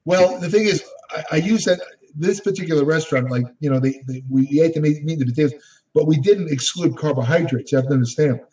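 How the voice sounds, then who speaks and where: An older man, appearing as an interview guest, speaks quickly in a fairly high, slightly mellow voice. He tells rambling anecdotes and corrects himself along the way. The lo-fi audio sounds distant and dull.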